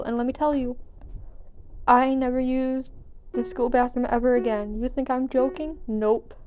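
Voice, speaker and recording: A woman's voice: on the high side, flat delivery, normal speed, smooth, highs cut off. A young woman telling an embarrassing story in a casual, self-deprecating way and swearing now and then, talking over her gameplay. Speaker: gaming vlogger.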